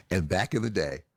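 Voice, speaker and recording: Lively older man telling stories. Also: low voice, breathy edge, dry recording, clean studio sound. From Chicago. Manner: animated, laughing, full of restarts. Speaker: show host. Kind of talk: casual storytelling.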